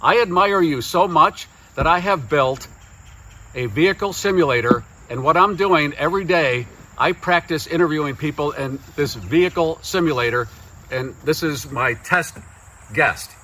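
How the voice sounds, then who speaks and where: A man's voice: fairly high pitch, normal speed, sharp tone, a little hiss or hum. A man recording a playful congratulatory message, full of jokes and bits of a comic skit. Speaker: guest sending a recorded message.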